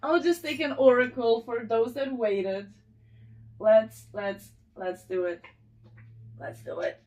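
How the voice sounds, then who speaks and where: A woman's voice: a little high, takes it slowly, a little mellow. A woman hosting her channel, chatting casually to viewers as she unboxes, gushing and talking to them directly. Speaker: channel host.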